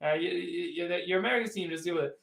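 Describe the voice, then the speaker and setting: A man's voice: sits high, rapid-fire, creaky, fairly bright tone. A man hosting a casual postgame livestream, rambling and teasing as he answers viewers' chats directly. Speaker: sports livestream host. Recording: echoey room.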